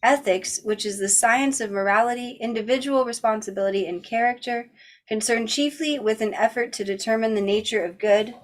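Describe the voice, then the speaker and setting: Reading a philosophy text to her book club fairly quickly and evenly, a woman with a somewhat high voice pauses now and then for casual, chatty remarks.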